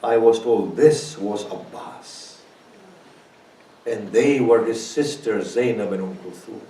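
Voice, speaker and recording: A man's voice: lowish voice, takes it slowly, warm tone, slight background noise. Male preacher for a mourning sermon, lamenting delivery, heard from a distance in a reverberant hall. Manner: lamenting, swelling to impassioned cries in quoted laments. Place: large hall at a religious center.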